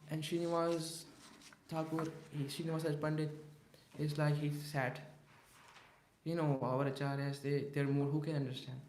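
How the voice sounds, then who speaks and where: A man tells a devotional story to a class, his voice a touch high and lively, full of restarts and repeated phrases. The hall gives his words a roomy echo. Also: moderate pace. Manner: animated, many restarts and repetitions. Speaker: religious class speaker. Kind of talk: storytelling sermon. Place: temple hall. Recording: echoey hall.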